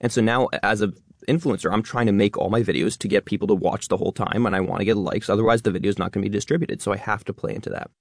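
A young man in his twenties or thirties, a content creator talking fast as an interview guest and stressing many words. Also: on the low side, gravelly, no echo, studio quality. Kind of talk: interview conversation.

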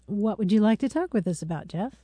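Mellow-voiced woman hosting radio. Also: medium pitch, lively intonation, fast, slightly rough, dry recording. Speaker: radio show host. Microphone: studio mic.

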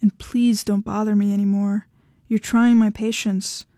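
Woman doing a blunt fed-up wife, firm, kinda flat, dry close sound. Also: medium pitch, unhurried, no room sound.

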